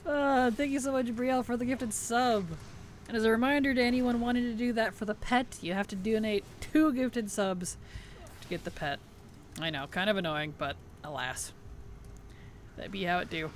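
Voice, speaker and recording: A woman's voice: fairly high pitch, moderate pace, a little hiss or hum. A woman streamer in casual livestream chat, thanking subscribers, answering chat and giggling often.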